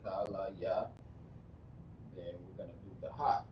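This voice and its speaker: A man teaching script and pronunciation in a slow, repetitive lesson, often stopping to correct himself. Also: sits low, steady tone, a little hiss or hum. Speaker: language teacher. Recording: distant, dull, echoey room recording.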